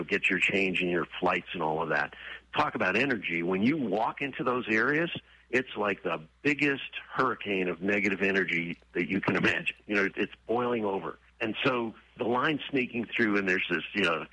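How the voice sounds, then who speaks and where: A man being interviewed, telling stories and acting out quoted voices with husky tone. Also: low voice, bright, forceful tone, poor audio. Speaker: guest, horse trainer and author. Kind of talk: conversational interview storytelling.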